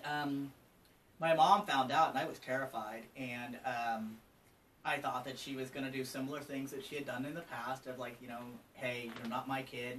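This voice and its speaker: A man's voice: fairly high pitch, fairly bright tone, recorded from a distance, poor audio. A man of almost fifty from Colorado, a trans advocate, talking openly as an interview guest, loose and chatty with lots of ums and asides. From Colorado, USA. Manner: open and conversational, many ums and asides. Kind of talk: candid personal storytelling. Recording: from slightly off mic with faint ambient noise.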